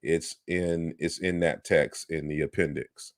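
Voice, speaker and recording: A man's voice: extremely low pitch, steady tone, unhurried, dry recording, clean studio sound. A man giving an online lecture on word comparisons, explaining patiently and turning combative toward critics. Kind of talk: online lecture on historical linguistics.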